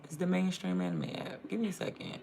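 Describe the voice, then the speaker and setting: A man's voice: high voice, brisk, creaky, noisy background. A man from Prince George's County with a DMV accent, chatting casually on a livestream, rambling and thinking aloud as he trails off mid-sentence. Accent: DMV (Washington, D.C. area). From Prince George's County, Maryland. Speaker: streamer.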